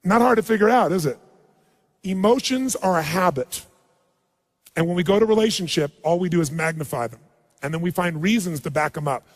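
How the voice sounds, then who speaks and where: A motivational speaker on stage, a middle-aged man whose voice sits high for a man and carries a long hall reverb behind it. He moves from hushed storytelling to loud calls for the crowd to answer back. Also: lively intonation, a little fast. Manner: storytelling, drops low and soft for emotional quotes, then rises to loud rallying. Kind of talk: seminar stage talk. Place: large hall with live audience.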